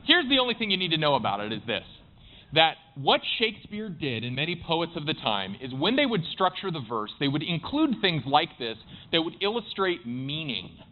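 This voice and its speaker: A man's voice: on the high side, very animated, normal speed. A man giving a playful conference talk from a stage, joking with the audience. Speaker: conference speaker. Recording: dull lo-fi conference recording.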